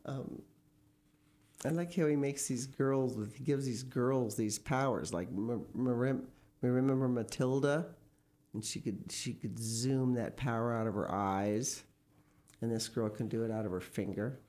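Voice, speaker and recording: Low-voiced woman reading a storybook aloud. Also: unhurried. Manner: expressive, with casual asides. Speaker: story reader. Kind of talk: reading a children's book aloud.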